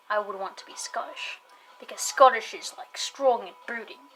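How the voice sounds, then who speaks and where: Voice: mid-range voice, normal speed, sharp tone, in a whisper, rough recording. A young adult vlogger chatting casually to camera, rambling off on tangents with frequent laughter and casual swearing.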